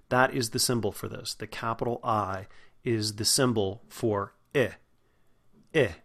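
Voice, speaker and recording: A man giving a spoken lesson on English vowels, patiently demonstrating each sound and stretching words slowly. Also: medium pitch, fairly bright tone. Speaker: voice and diction teacher.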